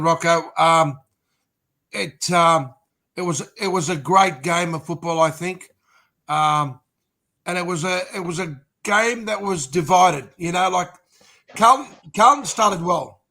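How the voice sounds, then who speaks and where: A man co-hosting a casual footy podcast, talking in a measured way with many pauses and fillers. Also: high voice, pushed and bright. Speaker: podcast co-host.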